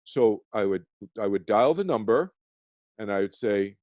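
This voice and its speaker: A man appearing as a guest, a meditation teacher, explains things earnestly, often restarting and checking in with "okay?" His voice is on the low side, animated and a little mellow, at a moderate pace in a dry recording.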